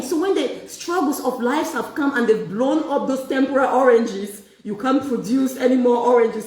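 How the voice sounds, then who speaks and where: A woman's voice: high-pitched, normal speed, hardly any pauses, darkish tone. A woman leading a faith group with sermon-style teaching. She fires rhetorical questions at her listeners and draws answers back from them. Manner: rhetorical questions and call-and-response. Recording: echoey room, voice far from the mic.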